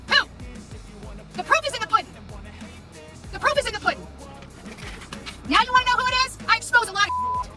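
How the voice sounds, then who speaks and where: A woman's voice: very high-pitched, sing-song, moderate pace, pauses often, far from the mic, over music. A woman live-streaming from her car, heatedly confronting and taunting someone, with a repetitive, combative way of talking. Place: in a car in traffic.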